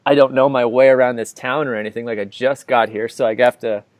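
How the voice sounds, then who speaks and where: A man's voice: mid-range voice, fairly even intonation, fast, dry recording. A man co-hosting a podcast, telling a long personal story in casual chat, rambling and packing his talk with "like". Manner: rambling, filler-heavy, full of "like". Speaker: podcast co-host. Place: living abroad in Ireland, recording indoors.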